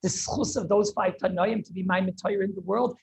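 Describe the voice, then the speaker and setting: Gravelly, very husky rabbi teaching. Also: male voice, high voice, steady tone, darkish tone, low-quality recording. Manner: impassioned, halting, repeats words while searching. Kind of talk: Torah lecture. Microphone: video call.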